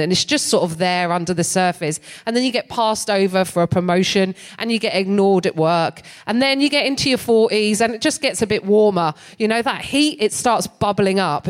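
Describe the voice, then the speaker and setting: With a mid-range voice, this middle-aged Englishwoman, a comedian who also co-hosts, spins a story on stage. She's wry and animated, often cracking up as she goes.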